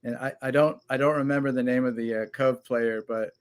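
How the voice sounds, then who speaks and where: A man's voice: medium pitch, fairly even intonation, fairly quick. A man co-hosting a casual sports talk show, animatedly breaking down tactics and swearing now and then.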